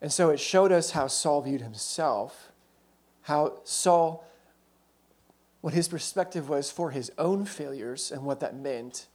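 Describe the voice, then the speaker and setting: A man with a slightly raised voice delivers a sermon as relaxed storytelling. He talks like he's chatting with the room, tossing in asides and correcting himself mid-thought. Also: a little high. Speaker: preacher.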